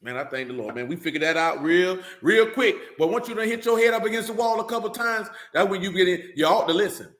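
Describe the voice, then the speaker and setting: Man, preacher, bright voice, emphatic rhetorical sermon, roomy echo. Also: high voice, lively intonation, a little fast, hardly any pauses. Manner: preachy, repeats "man" and "you understand", rising to emphatic. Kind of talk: sermon with scripture reading.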